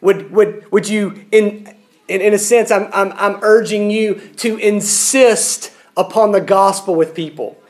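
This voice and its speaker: A male preacher with a notably high voice delivers a sermon. He speaks earnestly and often pleads with his listeners, repeating words as he starts each thought. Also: steady tone, measured pace.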